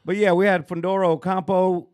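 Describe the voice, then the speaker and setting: Brief: easygoing thirties male podcast host, joking and relaxed, dry close mic. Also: sits high, a little fast, clear, resonant tone, dry recording. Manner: easygoing, joking, laughs often. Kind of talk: casual chat. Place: rooftop outdoors in downtown Dallas.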